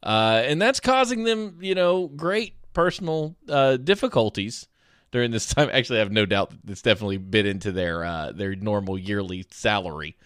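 A man's voice: fairly low pitch, lively intonation, moderate pace, a bit bright, clear, resonant tone, no echo, studio quality. Goofy rambling male podcast host. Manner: goofy, rambling, playful asides. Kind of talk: casual comedic news podcast chat.

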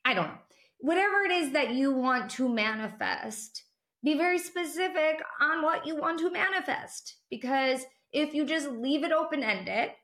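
A woman's voice: high-pitched, lively intonation, moderate pace, a bit bright. A woman hosting a motivational podcast, speaking in an upbeat, encouraging way straight to her listeners. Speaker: podcast host. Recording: roomy echo.

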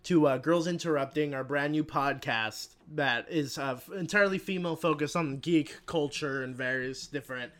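A young man co-hosting a podcast, retelling a movie in casual chat with lots of "like" and loud acted-out voices. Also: fairly high pitch, normal speed, few pauses. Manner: frequent filler "like". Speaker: podcast co-host.

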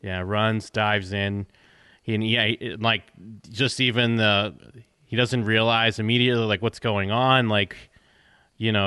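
Male podcast co-host: low, smooth voice, loose rambling delivery. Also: steady tone, normal speed, pushed and bright, no echo. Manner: rambling, many restarts and fillers, swears casually. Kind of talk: casual TV recap chat.

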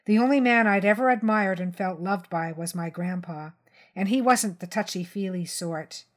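A woman reading a crime short story aloud in a measured narration. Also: medium pitch. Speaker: reader.

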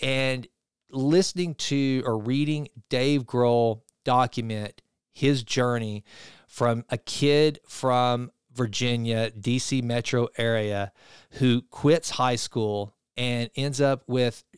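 Smooth-voiced male talk show host. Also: medium pitch, slow pace, dry recording, studio quality. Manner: animated, conversational, retells a story with quoted voices. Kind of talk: casual storytelling monologue.

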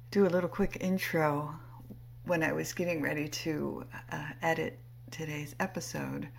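Slow, gravelly-voiced woman host. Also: low-pitched, a little hiss or hum. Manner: unhurried, reflective, warm laughter between phrases; many fillers and pauses. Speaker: podcast host. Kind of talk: casual spoken intro.

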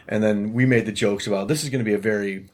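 A man's voice: fairly low pitch, fairly even intonation, fast, darkish tone. A man co-hosting a podcast, talking in a rambling, jokey way and slipping into mock voices. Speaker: podcast co-host. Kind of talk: casual chat.

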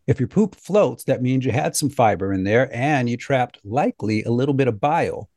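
A man hosting a health talk show, telling a funny story in a joking, animated way. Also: medium pitch, normal speed, no room sound, studio quality. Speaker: host.

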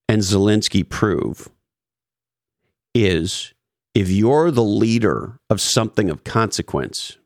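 A man leading a business conversation, building his case point by point with emphatic stresses and slow, deliberate pauses. His voice sits on the low side, and the recording is dry and close. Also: a little mellow, dry recording. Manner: emphatic, thesis-driven explaining with pauses. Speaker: host.

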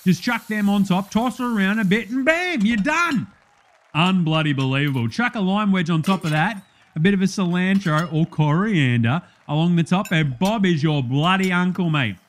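A man's voice: high voice, expressive, normal speed, slight background noise, voice pushed up. A man with an Australian accent voicing a brash, blokey male TV cook who jokes and laughs with his studio audience. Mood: boisterous. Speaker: podcast host in a comedy bit.

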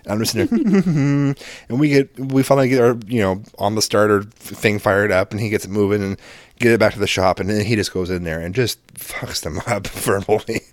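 A man co-hosting a relaxed podcast chat, spinning an animated story full of swearing. He jumps sharply upward in pitch whenever he acts out the people in it. The sound is dry and close, with no room around it. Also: fairly quick, no echo. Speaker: podcast co-host.

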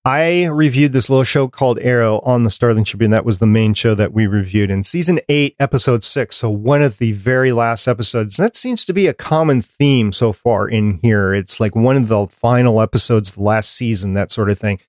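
A man's voice: medium pitch, a little fast, few pauses, dry recording, clean studio sound. A man hosting a podcast, chatting casually as he works through a prepared list. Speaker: podcast host.

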